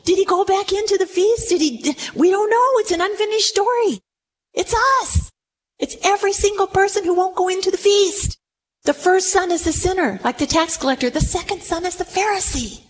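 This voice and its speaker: High-voiced woman preaching a dramatic sermon. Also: normal speed, big-room sound. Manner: dramatic, emphatic storytelling, swings low for asides. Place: church or meeting room with a group.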